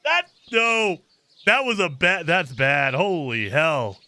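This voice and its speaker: Male let's-play host, casual and exasperated, slightly high pitch. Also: expressive, takes it slowly, pushed and bright, no room sound. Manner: exasperated, laughs often, talks over the game. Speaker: gaming channel host.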